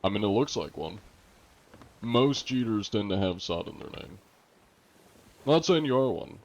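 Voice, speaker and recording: A young adult man streaming a game live, chatting casually with viewers in a relaxed, rambling way full of fillers. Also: on the low side, measured pace, lo-fi sound. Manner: relaxed and rambling, lots of "like" and fillers, joking with chat. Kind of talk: casual live-stream chat while gaming.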